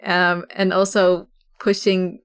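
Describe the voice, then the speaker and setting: A woman's voice: on the low side, little pitch movement, slow pace, a bit bright, clear, resonant tone. A woman from the West Coast of the US, a streamer chatting casually with viewers, reading chat aloud and laughing often.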